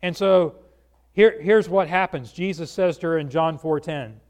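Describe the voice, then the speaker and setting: An earnest male preacher delivering a conversational sermon with a slightly raised pitch. He speaks to his listeners directly and keeps throwing rhetorical questions at them. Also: unhurried, darkish tone.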